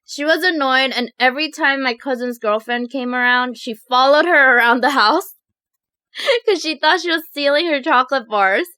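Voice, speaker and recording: A woman vlogger chats casually as she tells viewer confessions, animated and quick to giggle. Her voice is bright and fairly high, with a clean, crisp tone. It is recorded dry and close to the mic. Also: no echo. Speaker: mukbang vlogger.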